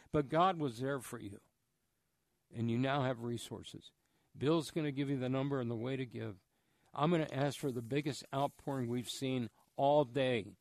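A man's voice: mid-range voice, a little mellow, no room sound, studio quality. A man telling a story and urging listeners to give, in an earnest, preacher-like manner on a radio fundraising show. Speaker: charity fundraiser guest on radio.

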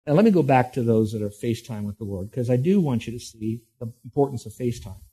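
A man gives a sermon in a mellow, darker voice with a husky edge. He tells homespun, self-deprecating stories with frequent restarts, then turns earnest as he moves into scripture. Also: mid-range voice, expressive, fast talker. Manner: folksy, self-deprecating storytelling with many restarts. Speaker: pastor.

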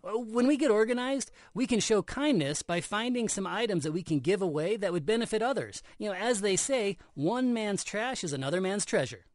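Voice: medium pitch, animated, brisk, few pauses, no echo. An adult hosting a scripted Christian kids' podcast, earnest and explanatory, slipping in corny jokes. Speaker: podcast host. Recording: dry close studio sound.

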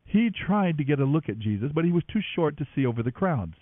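An expressive man reading scripture with a lively, rising and falling delivery. The recording is dry and narrow, like it comes through a telephone. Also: on the high side, brisk, no echo. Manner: expressive, voices each speaker. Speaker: Bible reader. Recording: dry, tinny phone-like sound.

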